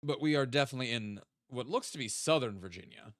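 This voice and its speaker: A young man streams a geography guessing game, casually thinking aloud, chatting, and cracking jokes on the side. His mid-range voice is expressive and fast, recorded in studio quality with no echo.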